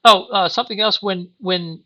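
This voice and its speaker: Bright-voiced woman game master. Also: medium pitch, moderate pace, rough recording. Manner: chatty, with frequent restarts and laughs. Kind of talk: narrating a tabletop game.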